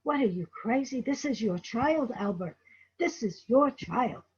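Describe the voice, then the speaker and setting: Woman reading a scolding exasperated mother, husky breathy voice, lo-fi recording. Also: a little high, animated, unhurried, heavily acted.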